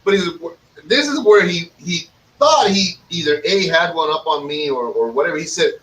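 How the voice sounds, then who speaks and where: A man from Cuba hosting a casual cigar podcast, talking in a profane, animated way and acting out other people's lines as he tells stories. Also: on the high side, normal speed, reverberant, far from the mic, poor audio. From Cuban. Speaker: podcast host.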